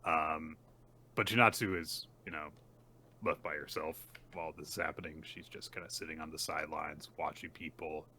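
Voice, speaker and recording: A man's voice: very deep voice, steady tone, moderate pace, sharp tone, slight background noise. A man co-hosting a podcast, casually recapping a manga chapter with lots of fillers and acted-out character lines. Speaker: podcast co-host.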